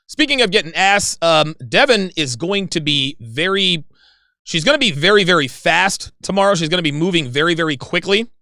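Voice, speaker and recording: A man in his forties hosting a livestream in casual chat, rambling and excitable. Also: on the high side, vocal fry, no room sound, clean studio sound. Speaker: livestream host.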